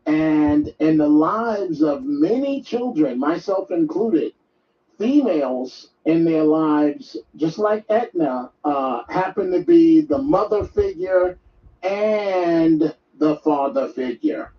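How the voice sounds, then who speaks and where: Male talk show host, fairly high voice, earnest and reflective, echoey room, far from a dull mic. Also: animated, slow. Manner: earnest, reflective, warmly thanks callers. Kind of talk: live call-in talk show. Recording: roomy distant dull mic.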